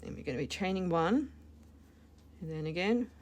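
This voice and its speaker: Explaining crochet one step at a time, a woman keeps things chatty and casual, laughing at her slips and correcting herself. Her lowish voice is expressive and darkish, her pace moderate, with slight background noise.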